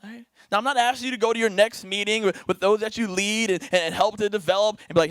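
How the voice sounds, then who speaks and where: A young man with a strikingly high voice gives a motivational keynote on stage. He is energetic and playful, laughing often and throwing "right?" back to the crowd. His sound is close and dry, with almost no room around it. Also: fairly quick, hardly any pauses, no room sound. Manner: laughs often, acts out bits. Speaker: keynote speaker. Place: event stage before a live audience.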